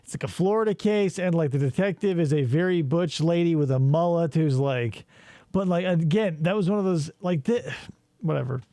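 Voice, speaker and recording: A man's voice: a little high, normal speed, dark tone, dry recording. A man co-hosting a podcast, riffing in rambling, sarcastic, profane casual commentary. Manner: rambling, sarcastic, swears often. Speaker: podcast co-host.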